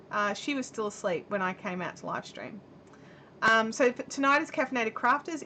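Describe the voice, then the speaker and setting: Chatty middle-aged Australian host, higher voice, rambling crafty live-stream talk, faint room hum behind. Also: female voice, sharp tone. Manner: rambling and chatty, reads viewer comments aloud. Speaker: livestream host. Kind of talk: casual chat while crocheting. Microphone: camera mic on a live stream.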